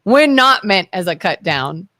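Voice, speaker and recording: A woman co-hosting a casual talk radio show, telling stories in a chatty way and chiming in with quick agreement. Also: medium pitch, very animated, sharp tone, no echo. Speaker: co-host. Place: radio studio.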